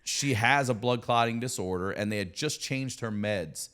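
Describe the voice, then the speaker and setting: A middle-aged man telling a story casually in a studio, animated and profane. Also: mid-range voice, moderate pace, clear, resonant tone. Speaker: comedian and podcast guest.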